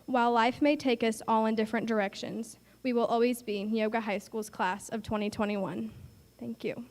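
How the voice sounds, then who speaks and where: A woman's voice: a little high, steady tone, normal speed. A young woman giving a prepared graduation speech as a student speaker, earnest and read from the page. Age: young adult. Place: school gym. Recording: long echo of a large gym.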